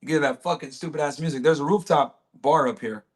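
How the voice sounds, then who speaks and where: A man's voice: fairly high pitch, fairly quick. A man hosting a livestream, talking to his chat in a brash, crude way with lots of swearing. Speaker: livestream host.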